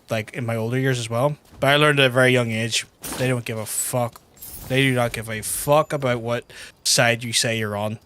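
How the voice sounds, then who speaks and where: Northern irish guy rambling and swearing while he streams a game, animated storytelling. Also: mid-range voice. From Northern Ireland. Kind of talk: casual live-stream chat while gaming.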